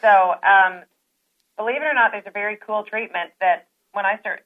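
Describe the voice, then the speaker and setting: A woman's voice: mid-range voice, moderate pace. A woman from Canada, a comedian guest chatting and joking with a host. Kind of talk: casual chat. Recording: dull, lo-fi broadcast audio.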